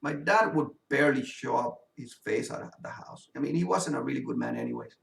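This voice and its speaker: A man's voice: medium pitch, a little fast, vocal fry. A man casually telling a personal story while playing a game, rambling with lots of fillers. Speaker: gamer and video host. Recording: roomy sound from a distant mic.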